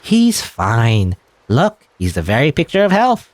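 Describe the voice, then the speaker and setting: A man's voice: mid-range voice, wildly swooping pitch, measured pace, no echo. A man voicing a bubbly, insistent schoolgirl classmate in a game he reads aloud. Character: pushy, chirpy schoolgirl classmate.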